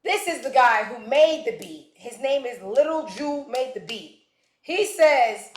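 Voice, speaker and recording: A woman's voice: high voice, animated, measured pace. A woman hosting a commentary show, talking bluntly and sarcastically with plenty of profanity. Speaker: show host. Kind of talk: casual commentary. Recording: echoey room.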